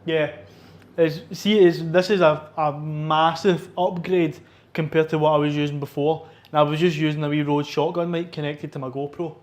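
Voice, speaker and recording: A man's voice: on the high side, fairly even intonation, normal speed. A young Scottish man chatting casually about his training in a gym, rambling and correcting himself, on a lapel mic. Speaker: powerlifting vlogger. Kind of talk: casual gym vlog chat. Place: gym, indoors. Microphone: wireless lapel mic under t-shirt.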